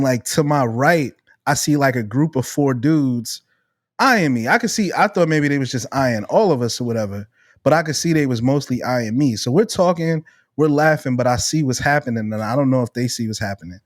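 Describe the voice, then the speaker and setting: A man around thirty, a podcast co-host, telling a story in casual chat, animated and swearing freely. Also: mid-range voice, dry recording, studio quality. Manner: animated, swears freely, acts out quoted voices.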